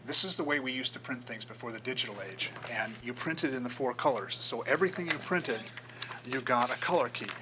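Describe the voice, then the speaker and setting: A man's voice: mid-range voice, brisk, background noise. An older man, a graphic designer, giving a casual talk to a club and acting out the voices in his stories. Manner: storytelling, acts out quoted voices. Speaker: guest speaker, graphic designer. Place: meeting room.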